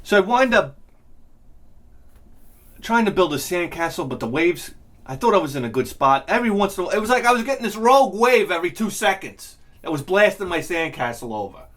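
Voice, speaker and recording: A man's voice: high-pitched, fairly quick. A middle-aged man, telling a profane, exasperated story as a vlog host. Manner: profane, exasperated, animated ranting. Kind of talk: ranting comedic storytelling.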